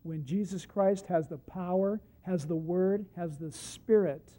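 A male preacher giving a sermon, emphatic, swinging from hushed asides to loud points and acting out the scripture stories he tells. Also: high-pitched, a little slow. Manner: acts out the Bible quotes he tells. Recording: muffled lo-fi recording.

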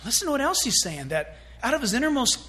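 A man preaching a sermon in church, animated and acting out little scenes in voices. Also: extremely high pitch, fast. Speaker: pastor.

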